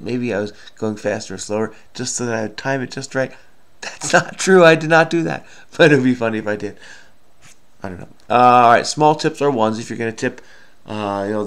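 Middle-aged guy solving a crossword out loud, mumbling to himself, lots of ums and i don't knows, regular mid pitch. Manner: muttering to himself, many fillers and trailing "I don't know". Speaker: crossword solving video host. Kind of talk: casual think-aloud puzzle solving.

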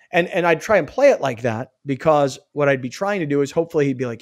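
A man's voice: a little high, lively intonation, fast, hardly any pauses, a little mellow, no room sound, clean studio sound. A man co-hosting a sports talk show, joking and acting out bits of street talk. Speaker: co-host. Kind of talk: sports radio banter.

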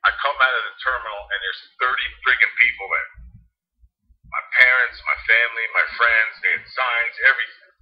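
A man, a podcast guest telling stories in a blunt, animated way and acting out quotes. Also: medium pitch, fairly quick. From Harrison, New Jersey. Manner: animated storyteller, blunt and salty, acts out quotes. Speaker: podcast guest, former quarterback. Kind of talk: casual storytelling chat. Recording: dull lo-fi podcast audio.

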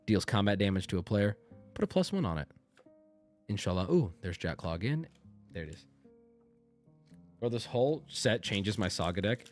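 Streamer type, thirties, lively swinging pitch, reads cards in silly voices, faint music under him. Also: male voice, normal speed. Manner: animated, jokey, reads card text aloud with goofy voices. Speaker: streamer opening card packs. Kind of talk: casual stream chat.

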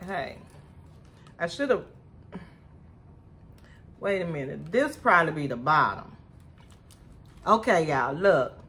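A woman's voice: deep voice, animated, takes it slowly, long pauses, fairly bright tone, a little hiss or hum. A woman chatting to her viewers in a casual eating vlog, talking about her food as she eats. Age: adult with a son. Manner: chatty, keeps addressing viewers as y'all. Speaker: food vlogger.

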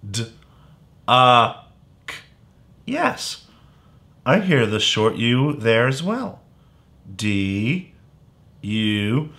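Slow, playful man teaching phonics. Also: medium pitch, very animated, fairly bright tone. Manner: slow, playful, sounds words out letter by letter. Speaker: kindergarten teacher. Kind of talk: phonics lesson for young children.

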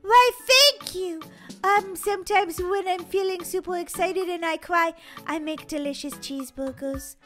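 A woman voicing a bubbly, excitable young girl who cries when she's happy, in a game role-play video. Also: extremely high pitch, unhurried. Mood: pleased. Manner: gushing, over-the-top enthusiastic. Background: children's background music.

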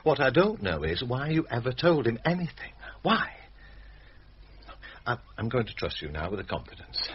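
A sardonic, weary village doctor. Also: male voice, medium pitch, sing-song, moderate pace, slightly rough, lo-fi sound. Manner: dry, sardonic and knowing. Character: weary, irritated middle-aged village doctor.

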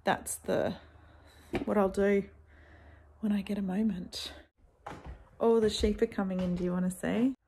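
Female book vlogger, unhurried delivery with a fry-edged voice, gushing and breathy-hushed when excited. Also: mid-range voice, a little hiss or hum. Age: adult with sons. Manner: gushing, with gasps and hushed exclamations. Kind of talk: casual book-haul vlog.

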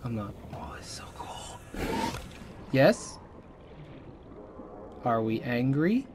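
Excitable young man playing a game. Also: mid-range voice, very slow, a little hiss or hum. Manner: excitable, chatters to the game creatures, jokey swearing. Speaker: gaming channel host. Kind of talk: let's play commentary. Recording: game music running underneath.

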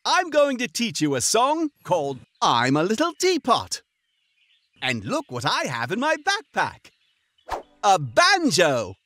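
A man's voice: high voice, wildly swooping pitch, measured pace, fairly bright tone, full character voice. Cheerful frog song leader, played by a man. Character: friendly frog music teacher with a banjo. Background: children's music.

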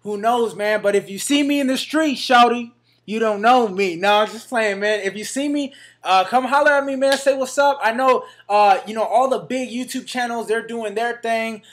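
A man's voice: extremely high pitch, normal speed, fairly bright tone. A man vlogging to his fans, hyped and slangy, with a Northern California accent, tossing "man" and "baby" into every line. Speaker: fitness vlogger. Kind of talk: casual vlog to camera.

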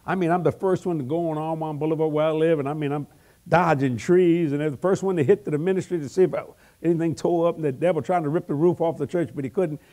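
An older man preaching an evangelism sermon, telling humorous stories in a folksy, animated way and often repeating words. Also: a little high, fast.

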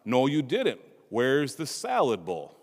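A fussy, insistent mother who keeps nagging , as a male priest quotes her in his homily. It is barely a put-on voice, mid-pitched and echoing through a large church with long reverb. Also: wildly swooping pitch, takes it slowly, heavily acted.

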